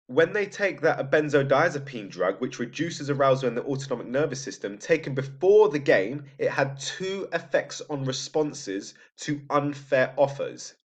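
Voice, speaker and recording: A man's voice: medium pitch, very animated, moderate pace, few pauses. A man teaching a recorded psychology lesson in a casual, conversational way, checking in with "right?" and restarting his sentences. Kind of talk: recorded lecture. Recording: slightly dull lo-fi audio.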